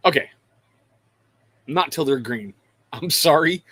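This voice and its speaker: A man's voice: a little high, lively intonation, drawn-out words, long pauses, bright, forceful tone, breathy edge, no echo. A middle-aged man hosting a livestream, chatting casually and rambling to viewers, calling out their names and swearing freely. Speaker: livestream host.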